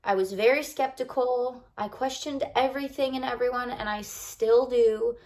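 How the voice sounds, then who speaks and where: A woman's voice: on the high side, fairly even intonation, moderate pace, darkish tone. A young woman from the United States talking to camera in a rambling, confiding way, full of likes and restarts. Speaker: lifestyle vlogger. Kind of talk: casual heartfelt talk to camera.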